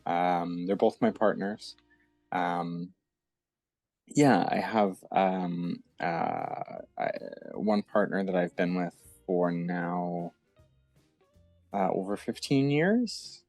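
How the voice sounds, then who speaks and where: A man's voice: sits low, big pitch swings, extremely slow, gravelly, darkish tone, no echo, soft background music. A man in his thirties from the eastern United States, a guest chatting casually in an interview, hesitant with many ums and restarts.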